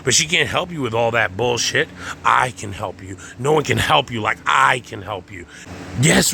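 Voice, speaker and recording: Gravelly, bright-voiced man ranting profanely. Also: a little high, slight background noise. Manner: profane, repetitive, chanting phrases over and over. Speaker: host. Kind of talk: rambling stream-of-consciousness monologue.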